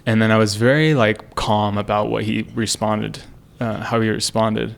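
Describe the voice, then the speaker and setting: A man's voice: lowish voice, little pitch movement, normal speed, gravelly. A young man sharing a personal story on a casual podcast, earnest and rambling with many fillers and restarts. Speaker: podcast co-host.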